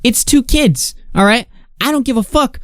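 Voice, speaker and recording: A man's voice: animated, moderate pace, dry recording, studio quality. A young man hosting a talk show, ranting heatedly with lots of swearing. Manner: heated, profane, mocks others in high whiny voices. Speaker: podcast host.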